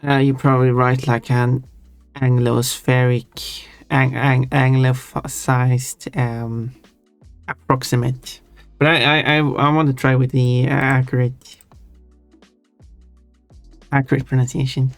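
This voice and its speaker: A man's voice: mid-range voice, level tone, a little slow, long pauses, no room sound. A man chatting casually on a stream while reading chat, rambling and often restarting his words. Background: soft chill music.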